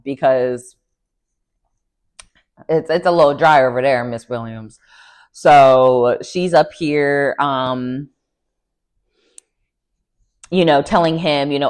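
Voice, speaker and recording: A woman giving sassy, opinionated recap commentary on a reality show with lively slangy asides. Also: a bass voice, slow pace, long pauses. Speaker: recap vlogger.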